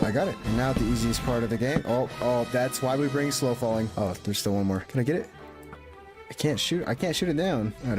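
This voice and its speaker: A man giving casual, excitable commentary to himself as he plays a video game. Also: mid-range voice. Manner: chatty, excitable self-talk while playing. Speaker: gaming YouTuber. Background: background music.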